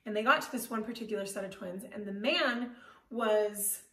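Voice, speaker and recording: A woman in her thirties giving a personal storytelling talk, candid and animated, with self-deprecating humor and casual fillers. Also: mid-range voice, moderate pace. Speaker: motivational speaker. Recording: roomy echo, voice from far off the mic.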